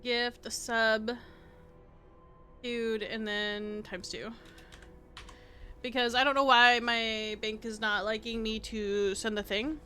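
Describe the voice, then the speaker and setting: A young woman streaming live, chatting casually and excitably to her chat, rambling and laughing at herself. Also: fairly high pitch, slow pace, long pauses, soft background music. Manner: excitable, rambling, self-deprecating, laughs often. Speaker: VTuber streamer.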